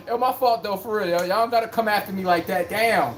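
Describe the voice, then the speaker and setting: A man's voice: sits high, brisk, hardly any pauses, background noise. A man hosting a live sports stream, talking in a joking, rambling, slangy way. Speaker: livestream sports podcast host. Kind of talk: casual live-stream chat.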